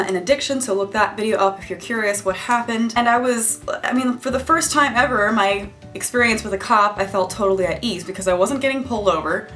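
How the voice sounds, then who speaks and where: A woman's voice: mid-range voice, a bit bright. A young woman telling a story to camera from her home, chatty and wry, with self-mocking asides. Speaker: YouTuber. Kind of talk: storytelling vlog. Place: home room with camera lights.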